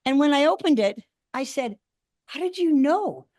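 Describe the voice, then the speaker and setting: A woman's voice: high voice, moderate pace, no room sound, studio quality. An older woman giving a humorous speech at a speaking club, acting out the quotes in her stories. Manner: animated storyteller, acts out quotes. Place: meeting room.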